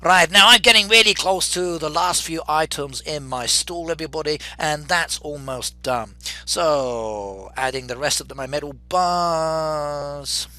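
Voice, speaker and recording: A man's voice: fairly high pitch, unhurried, sharp tone, no echo, faint music behind. A man in his thirties, chatting casually on a live game stream, reading viewer comments aloud and joking with them. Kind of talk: live-stream chat while playing.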